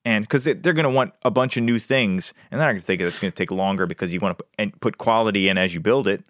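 A man's voice: lowish voice, quick pace, fairly bright tone, dry recording, clean studio sound. A man co-hosting a podcast, talking in a laid-back, rambling way with restarts. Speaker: podcast co-host. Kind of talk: casual chat.

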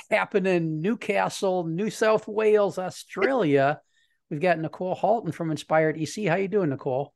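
A man's voice: high voice, moderate pace, gravelly, no echo, studio quality. A hesitant man hosting a podcast. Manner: hesitant, lots of ums and uhs. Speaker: podcast host. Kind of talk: casual podcast chat. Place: home studio.

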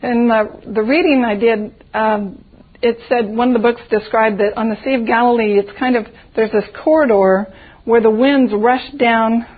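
A woman's voice: a little high, steady tone, normal speed. A woman leading a conversational Bible study, reflective and full of rhetorical questions. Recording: tinny phone-like audio.

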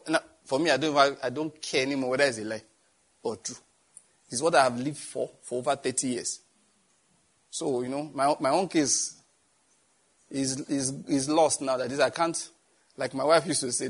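A middle-aged male pastor, his voice husky and breathy at a middle pitch. He preaches emphatically, stacking repeated phrases and throwing questions back at his congregation. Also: normal speed. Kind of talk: sermon.

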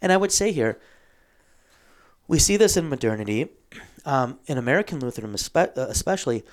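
A man of average pitch walks through a book in a casual theological conversation. He explains at length, pausing with ums and clearing his throat now and then. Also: very animated.

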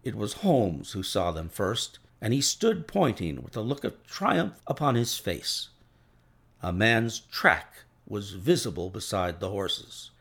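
A man narrating a classic story aloud in a steady, first-person manner. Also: on the low side, takes it slowly, gravelly, breathy edge. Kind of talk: storybook reading.

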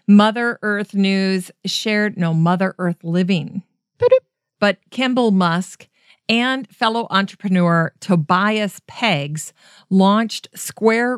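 Dry, close, slow-talking woman host. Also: mid-range voice, dry recording. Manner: self-mocking, laughs at her own flubs. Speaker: podcast host. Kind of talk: recording outtakes, reading segments aloud.

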